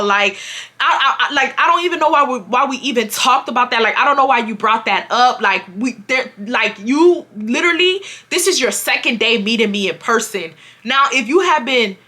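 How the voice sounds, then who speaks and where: Bright-voiced animated storytime woman. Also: normal speed. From Houston, Texas. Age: 20s. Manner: expressive, slangy, acts out quotes with pitch jumps. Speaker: storytime YouTuber.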